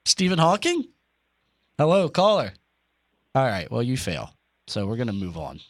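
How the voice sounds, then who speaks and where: A man's voice: mid-range voice, huge pitch swings, normal speed. A man co-hosting a sports talk show, joking around in casual, playful banter.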